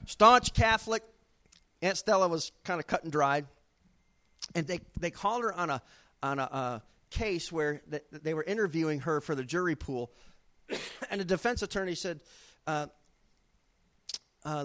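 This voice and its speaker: A middle-aged man preaching a sermon, telling stories with dramatic swings in pitch and loudness. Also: normal speed, pauses often. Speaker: pastor.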